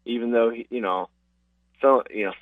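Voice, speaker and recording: Rambling fighter on a tinny phone line. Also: male voice, mid-range voice, normal speed, no room sound, far from the mic. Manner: casual, rambling with many fillers. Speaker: MMA fighter guest. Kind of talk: phone interview storytelling.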